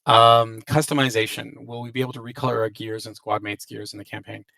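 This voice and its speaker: A gravelly-voiced man hosts a loose question-and-answer session, hedging and restarting often. His voice sits a little away from the mic with a dry, robotic-sounding voice-chat quality. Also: lowish voice, steady tone, fast, a bit bright, no echo, far from the mic, low-quality recording. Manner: hedging, many restarts and fillers. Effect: robotic glitchy audio. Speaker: game developer hosting a Q&A. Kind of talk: casual live Q&A, reading out and answering questions. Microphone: voice chat call.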